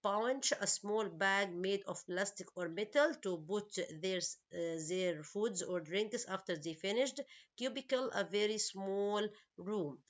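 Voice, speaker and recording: A non-native English teacher, originally an Arabic speaker, gives an online lesson, going slowly through vocabulary and grammar word by word, quizzing her students, and slipping up on grammar now and then. She has a mid-range voice, captured in a slightly dull lo-fi recording.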